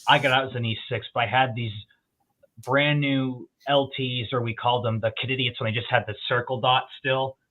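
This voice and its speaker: A man who swears freely and tells animated stories in a loose chat. His voice comes through thin and phone-like, as if over a call. He sits at a middling pitch for a man. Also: brisk. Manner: profane, storytelling, animated. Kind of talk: casual chat. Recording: tinny phone-like line.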